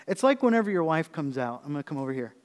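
Man preaching a sermon, high voice, humorous asides, rhetorical questions, reverberant hall. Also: big pitch swings, racing. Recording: echoey hall.

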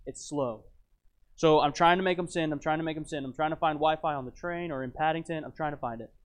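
A man with a slightly high voice, telling a story with lively drama. He adds dry, wry asides. He sounds like he is in his thirties. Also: fast talker. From United States. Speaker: speaker telling a travel story. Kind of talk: storytelling talk.

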